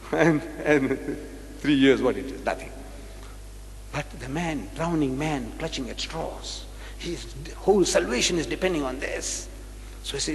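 A man's voice: fairly high pitch, lively intonation, moderate pace, a little hiss or hum. An older man giving a public lecture, hammering home points with repeated rhetorical questions. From South Africa. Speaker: religious debater. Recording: echoey hall recording.

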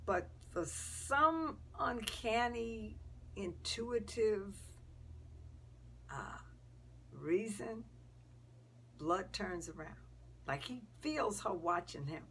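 A woman telling a story casually, dropping into breathy whispers and pausing with fillers. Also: mid-range voice, sing-song, fairly bright tone, slight background noise.

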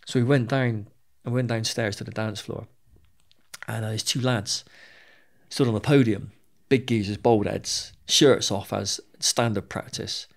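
A man's voice: lowish voice, steady tone, a little slow, vocal fry. A middle-aged man, a podcast guest who tells his own story frankly, swearing freely and often repeating words mid-sentence. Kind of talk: candid storytelling interview.

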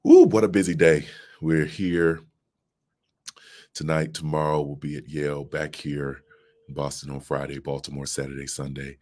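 A man's voice: very deep voice, steady tone, normal speed, a little mellow. A man in his late thirties, a pastor giving a livestreamed devotional talk from an office into a phone, speaking in a preacher's cadence and calling out to his audience. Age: late 30s. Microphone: mobile phone.

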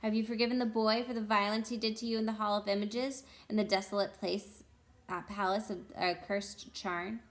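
A woman's voice: mid-range voice, little pitch movement, normal speed, lightly acted. Woman reading as a grave, kindly lion king. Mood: solemn. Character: great lion king, solemn and kind. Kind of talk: storybook read-aloud.

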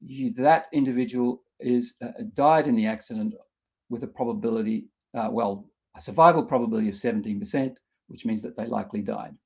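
Gravelly-voiced man teaching a workshop. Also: mid-range voice, a little fast, a little mellow. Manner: explaining step by step with frequent restarts and fillers. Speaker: workshop instructor. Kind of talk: live online lecture.

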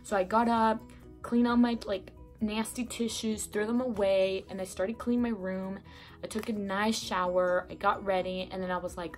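Speaking at a moderate pace in a mid-range voice with little pitch movement, this young woman vlogs breakup advice from her bedroom while faint music plays behind her. She's casual and rambling, using lots of fillers and correcting herself, and she seems slightly sick and congested.

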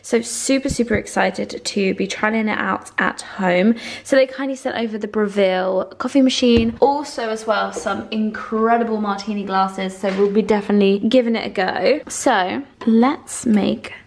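Filming a home vlog in her flat, a young lifestyle vlogger talks in a mid-range voice with vocal fry at a moderate pace. She's out of breath yet bubbly and effusive, laughing a lot as she chats.

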